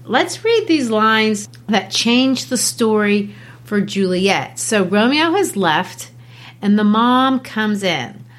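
A woman teaching a literature lesson, animated and enthusiastic, with quick asides. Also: medium pitch.

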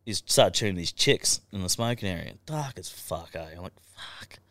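A young Australian man with a lowish voice that swings up and down a lot, telling rowdy stories as a podcast guest. He swears constantly and laughs through his yarns. His voice is close and dry, with no room echo. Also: lively intonation, fairly quick, a bit bright. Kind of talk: casual storytelling chat.

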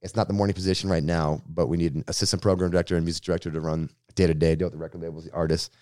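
Fast-talking low-voiced man from Boston. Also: no echo, studio quality. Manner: slangy, lively anecdotal telling. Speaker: radio host. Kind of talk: casual storytelling in an interview.

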